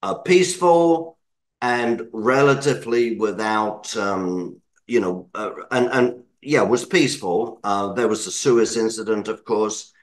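This British man, a market commentator appearing as an interview guest, speaks a little slowly at a fairly low pitch in a low-quality recording. His answers wander, with self-corrections and apologetic asides.

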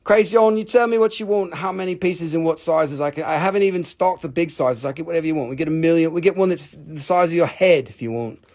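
A man hosts a live stream selling rocks, with a gravelly, slightly raised voice. He rambles excitedly and swears freely. He rushes through each piece as he shows it. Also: a little high. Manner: talks fast when showing items. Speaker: rock and mineral seller. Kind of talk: live sales stream, casual chat.

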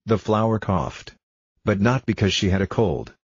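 A man reading a storybook aloud for English learners in a calm, measured way. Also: lowish voice, slightly rough, dry recording. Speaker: storybook reader. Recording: dull lo-fi dry recording.

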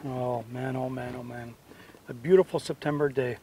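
A man hosting a fishing show from a boat on a lake, talking in punchy, excitable, salesy bursts. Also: medium pitch, normal speed. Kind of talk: on-the-water fishing commentary.

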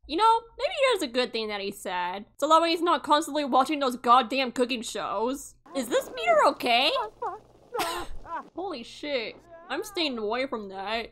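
Excitable high-voiced woman gamer. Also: moderate pace, slight background noise. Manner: excitable, swears a lot, laughs often, shouts in mock outrage. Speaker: gaming YouTuber. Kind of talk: casual gameplay commentary.

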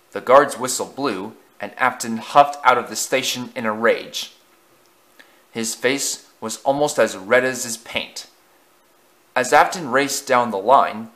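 A man narrating a children's railway story in a gentle, measured way. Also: mid-range voice.

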